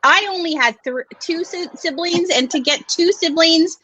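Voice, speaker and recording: A woman's voice: very high voice, moderate pace, pushed and bright. A woman from Hawaii co-hosting a casual video chat, emotional and close to tears as she thanks her mother. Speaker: co-host.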